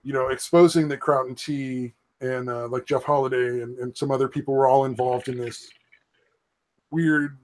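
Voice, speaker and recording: A man's voice: medium pitch, fairly even intonation, normal speed, a little mellow, rough recording. A man hosting a casual podcast, rambling and hedging with "I mean" and "like," swearing freely. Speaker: podcast host. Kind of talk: casual profane chat.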